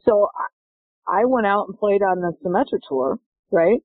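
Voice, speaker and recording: A woman's voice: medium pitch, moderate pace, slightly rough, no echo. A middle-aged woman, a golf instructor, telling stories in an interview and acting out the dialogue. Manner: animated, acts out dialogue in stories. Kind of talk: interview storytelling. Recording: dry tinny phone-like line.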